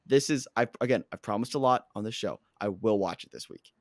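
A hoarse man who has lost his voice, co-hosting a casual podcast and bragging excitedly about his football team. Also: lowish voice, brisk, no echo, studio quality. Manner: excitable, boastful sports fan. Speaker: podcast co-host; coach. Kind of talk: casual sports chat.

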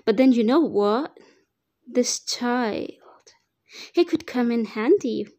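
A woman's voice: mid-range voice, slow, mellow, lightly acted. Woman voicing a cold taunting crime boss. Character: ruthless male crime boss, cold and mocking. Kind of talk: fan fiction audiobook reading.

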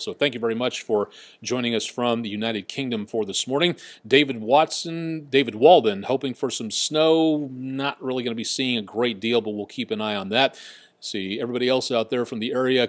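A man working as a TV meteorologist, hosting a casual live weather blog in a chatty, folksy way and reading out viewers' names. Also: medium pitch. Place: TV station in a downtown area.

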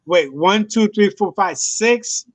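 A man's voice: sits high, expressive, slow, dry recording. A man hosting an interview, mostly giving short affirming interjections. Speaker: host. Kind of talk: interview chat.

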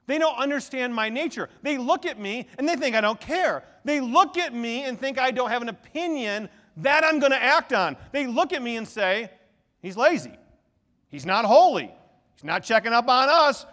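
A male pastor giving a sermon in a church, telling stories with lively swings between soft and loud. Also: extremely high pitch, big-room sound. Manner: animated storytelling, quick shifts between soft and loud. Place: church sanctuary.

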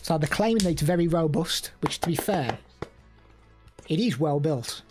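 A man's voice: on the high side, expressive, moderate pace, darkish tone, soft background music. A young man chatting casually on a live stream, rambling and answering chat messages.

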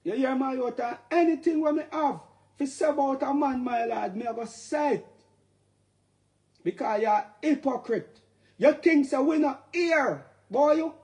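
Jamaican male musician, high-pitched, heated preachy monologue with sudden shouts. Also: normal speed. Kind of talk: impassioned straight-to-camera rant.

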